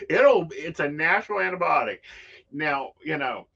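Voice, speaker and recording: A man's voice: a little high, expressive, normal speed, gravelly, bright, forceful tone, dull audio. A man co-hosting a casual chat about psychic life, blunt and free with swear words. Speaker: psychic co-host.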